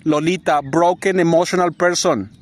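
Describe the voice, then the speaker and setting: A man with a fairly high voice rants in a vlog monologue. He is rambling and agitated, and he swears freely and laughs bitterly between points. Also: fairly even intonation, moderate pace. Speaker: vlogger.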